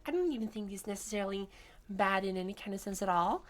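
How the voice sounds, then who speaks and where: A woman's voice: medium pitch, animated, fast, faint music behind. A woman streaming a game, casually chatting and playfully teasing her viewers, often breaking into giggles. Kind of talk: casual live-stream chat.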